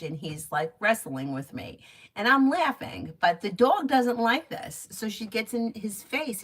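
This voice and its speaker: A woman's voice: medium pitch, fairly bright tone, breathy edge. A middle-aged woman chatting casually at home on a livestream, laughing easily and telling stories before giving tarot readings. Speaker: tarot reader. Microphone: phone or webcam stream.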